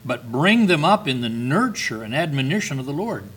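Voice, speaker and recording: A man's voice: medium pitch, big pitch swings, normal speed, fairly bright tone, husky, poor audio. An older man preaching a sermon, reading scripture with earnest, emphatic stresses.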